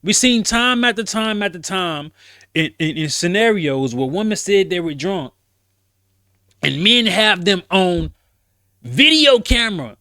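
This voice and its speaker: A man's voice: high voice, lively intonation, unhurried, sharp tone, no echo, studio quality. A man hosting a casual commentary show, talking bluntly and emphatically in slang, often repeating words as he rants. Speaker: commentary host.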